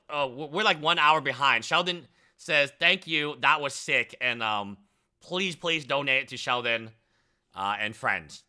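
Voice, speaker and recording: A man hosting a casual live stream, talking in excitable, rambling, jokey bursts. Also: a little high.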